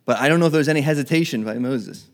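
A man preaching a sermon in a conversational way, acting out Bible dialogue in quick everyday voices. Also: medium pitch. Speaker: pastor.

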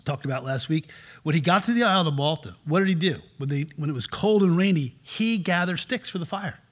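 A man preaching a sermon as pastor, animated, acting out quoted voices with shifts of tone. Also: on the high side, fairly quick.

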